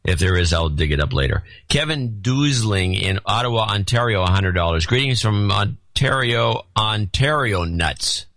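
Middle-aged male co-host, sardonic and dry, lively pitch, dry booth sound. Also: moderate pace, few pauses, dry recording. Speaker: podcast co-host reading donor notes. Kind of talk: casual chat.

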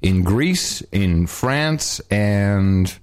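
A man co-hosting a casual podcast, animated and sarcastic, often laughing at his own jokes. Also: fairly low pitch, very slow. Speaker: podcast co-host.

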